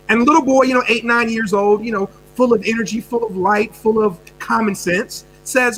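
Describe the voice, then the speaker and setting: A man from the United States talks with a high, sharp, forceful voice. He tells his story energetically, repeating words and swinging from quick bursts to quiet drops. A faint mains hum sits under the recording. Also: poor audio. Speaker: guest speaker and coach.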